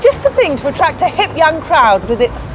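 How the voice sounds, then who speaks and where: A woman's voice: sits high, big pitch swings, moderate pace, crowd noise, background noise. An actress playing a gushing, trendy female brewery rep in a sitcom.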